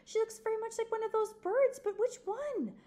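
A woman doing an eager high-voiced new mother. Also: normal speed, mellow.

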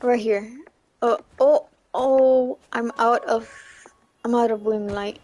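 A young woman chatting casually through a gameplay livestream, giggly and chatty, squealing when something excites her. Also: on the high side, slow pace. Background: faint game music.

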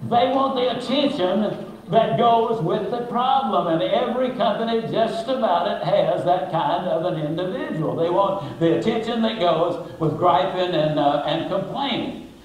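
A man's voice: sits high, a little slow, a little mellow, muffled recording, slight background noise. A man giving a motivational talk, telling a story in a folksy, emphatic, humorous way, in a very echoey recording played in a church. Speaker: motivational speaker. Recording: very echoey video played in a hall.

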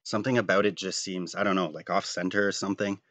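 A man's voice: low-pitched, fairly even intonation, fast, fairly bright tone, dry recording. A man, talking casually and jokingly while drawing a comic, rambling and self-deprecating. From Canada. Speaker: comic artist.

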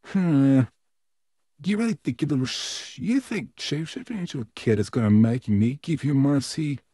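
A man doing a smug, husky evil puppet. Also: medium pitch, lively intonation, dark tone, no echo, studio quality, close to an everyday voice. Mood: menacing. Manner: slow, drawn-out, theatrical delivery with smug laughs. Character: evil male puppet neighbor, smug, menacing, easily flustered. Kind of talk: fan audio role-play.

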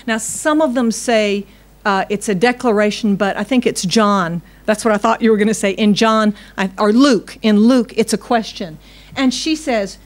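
A woman pastor, preaching a conversational sermon and putting questions to her congregation. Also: fairly high pitch.

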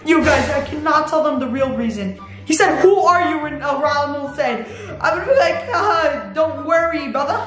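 A young woman vlogging to her viewers, excitable and laughing as she reads text messages aloud. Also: high voice, normal speed. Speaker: youtuber. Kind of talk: reading texts aloud to camera. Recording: echoey room with music behind.

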